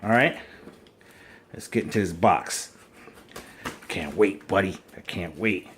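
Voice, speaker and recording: An unboxing vlogger with a low voice takes his time opening a kitchen appliance at home, laid-back, rambling, and slangy. He films on a phone propped on a wobbly stand, and there's a little hiss or hum.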